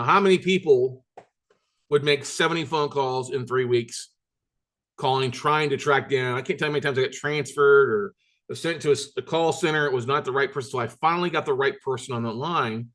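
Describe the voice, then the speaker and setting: A man's voice: a little high, a bit bright. Blunt emphatic man teaching a workshop. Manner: emphatic, repetitive, blunt with mild swearing. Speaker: workshop host and note-buying coach. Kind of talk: recorded workshop lecture.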